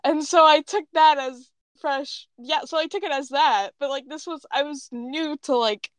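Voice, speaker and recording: A woman co-hosting a casual podcast who explains herself with easy laughs. Her voice is a touch high, and the sound is dry and close to the mic. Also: moderate pace, no echo. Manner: chatty, self-explaining, laughing. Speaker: podcast co-host. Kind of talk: casual chat, reading an old role-play aloud.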